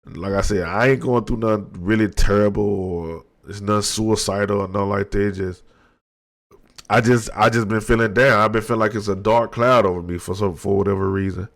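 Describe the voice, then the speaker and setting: A man in his thirties hosting a solo podcast from his desk, talking in a soft, reflective and halting way with many restarts. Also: fairly low pitch, fairly even intonation, gravelly. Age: 30s. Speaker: podcast host. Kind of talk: solo confessional monologue. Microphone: desk microphone.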